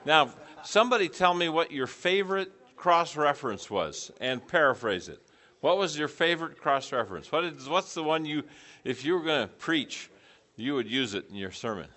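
Middle-aged guy running a church class, bright voice, keeps asking the room questions and echoing what they say. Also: on the high side, expressive, moderate pace. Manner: asks the group questions, repeats their answers. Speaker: preaching class teacher. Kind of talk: interactive class teaching.

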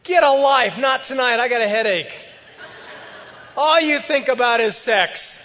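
A man's voice: very high-pitched, a little slow, pushed and bright, big-room sound, muffled recording, pitched above the performer's own voice, exaggerated voice. A man voicing an exasperated, tired young wife who scolds her husband in an indignant tone.

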